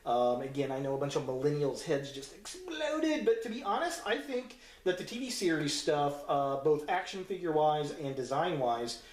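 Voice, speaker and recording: A man in his thirties with a fairly high voice hosts a casual toy review and speaks bluntly about what he doesn't like. He hedges his words with many ums and uhs and often restarts his sentences. His voice bounces around an echoey room. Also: animated, normal speed, hardly any pauses. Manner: blunt, frank opinions with many fillers and restarts.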